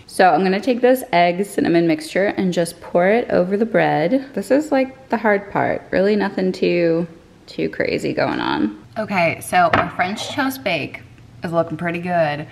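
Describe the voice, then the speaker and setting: She has a slightly low voice and a casual, encouraging way of talking to her viewers. The faint hiss of a home recording sits behind her. She is a young woman cooking in her kitchen. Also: big pitch swings, moderate pace, gravelly, roomy sound. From Quebec, Canada. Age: 20s. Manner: upbeat, encouraging, playful asides. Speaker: eating disorder recovery coach and vlogger. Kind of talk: casual cooking vlog talk to camera.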